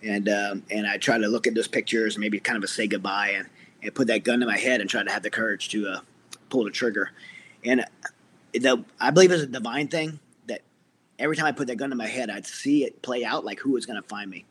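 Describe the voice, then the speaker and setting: A man's voice: fairly low pitch, a little fast, a bit bright, a little hiss or hum. A middle-aged man, a military veteran, earnestly telling his personal story as an interview guest, with many restarts.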